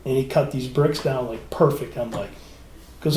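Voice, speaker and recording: A man's voice: mid-range voice, normal speed, reverberant. A man in casual podcast chat, telling a story and acting out the people in it. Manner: storytelling, animated quoting of others. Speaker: podcast co-host.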